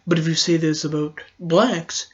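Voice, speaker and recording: Podcast host, solo commentary. Rambling, sarcastic, laughs a lot; mid-pitched, slightly muffled lo-fi sound. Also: steady tone, moderate pace, a little mellow, slightly rough. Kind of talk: casual political commentary monologue.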